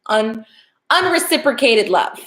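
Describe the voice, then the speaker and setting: A woman's voice: on the high side, very animated, unhurried, a bit bright. A young woman doing a casual, playful tarot reading on a livestream, chatting straight to her viewers. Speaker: tarot reader.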